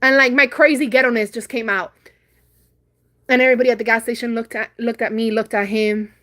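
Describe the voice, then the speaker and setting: Chatty young woman with a high voice. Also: fairly quick. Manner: chatty, animated storytelling with loud reenacted comebacks. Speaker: livestream host. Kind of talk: casual live chat. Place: home, doing chores.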